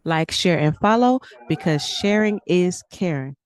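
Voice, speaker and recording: A woman's voice: lowish voice, expressive, a little slow, no room sound, clean studio sound. A woman co-hosting a livestream talk show, playful and upbeat as she teases her co-hosts. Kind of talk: casual livestream chat.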